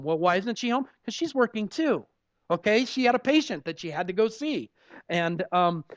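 A man's voice: high voice, dry recording. A man preaching a conversational sermon, telling candid, self-deprecating stories from daily life and peppering them with "you know". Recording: dull lo-fi dry recording.

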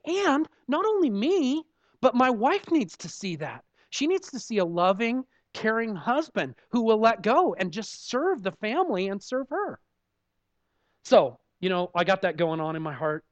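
A man's voice: on the high side, dry recording. A man preaching a conversational sermon, telling candid, self-deprecating stories from daily life and peppering them with "you know". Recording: dull lo-fi dry recording.

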